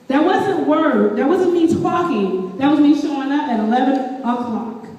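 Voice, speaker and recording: Woman speaker, animated and playful with the crowd; long hall reverb. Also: high voice, normal speed, hardly any pauses. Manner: animated, playful, quizzes the audience. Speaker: speaker addressing an audience. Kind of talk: lively motivational talk. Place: event room with tables. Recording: echoey hall, mic from far off.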